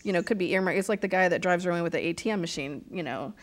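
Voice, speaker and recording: A woman's voice: lowish voice, racing. A woman co-hosting a film podcast, chatting casually about a movie and laughing easily. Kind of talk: casual film review chat.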